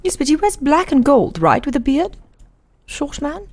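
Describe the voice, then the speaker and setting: A woman's voice: high-pitched, very animated, normal speed. A woman roleplaying in character over voice chat, teasing and playful.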